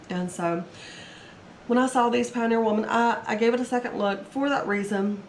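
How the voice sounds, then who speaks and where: This woman's voice is a little high and moves at a moderate pace as she casually chats and rambles through her resale haul. Being sick has left her voice somewhat strained, and the recording comes from an echoey room with faint ambience and slight background noise.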